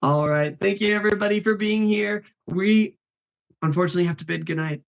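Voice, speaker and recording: A man's voice: high voice, brisk, vocal fry. A man hosting a live stream, chatting in an upbeat way and reading names from the chat.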